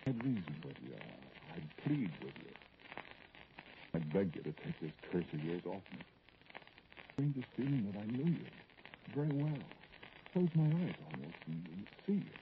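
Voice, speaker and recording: A man's voice: deep voice, big pitch swings, normal speed, long pauses, phone-quality sound. An actor playing a haunted, brooding middle-aged man in a 1940s radio drama, narrating intensely to an unseen listener, on a hissy old broadcast recording.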